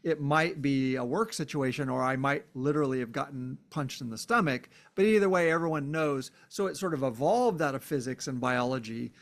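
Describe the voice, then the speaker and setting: A man's voice: medium pitch, fairly quick, hardly any pauses. A man hosting a podcast, thinking aloud through a philosophical monologue with fillers and frequent "right?" checks. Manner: acts out short exclamations. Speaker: podcast host.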